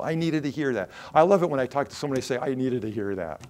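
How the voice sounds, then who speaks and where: A pastor delivers a sermon in an easy, conversational manner. His voice sits at a middling pitch, and he often turns to the congregation with questions and quick acted-out lines. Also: expressive, darkish tone. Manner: conversational preaching with rhetorical questions and acted-out quotes.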